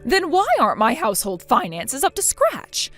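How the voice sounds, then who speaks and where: A synthetic female voice plays a spiteful, bossy older mother-in-law in a text-chat story, scolding with contempt at a lively pitch. Her mood is demanding, her pace moderate, and soft music plays in the background.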